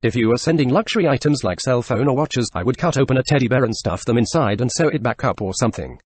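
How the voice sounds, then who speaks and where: Male text-to-speech voice, dry and husky. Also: mid-range voice, fast, no echo. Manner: even synthetic reading of questions and answers. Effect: text-to-speech robot voice. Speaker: video narrator. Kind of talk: reading forum posts aloud.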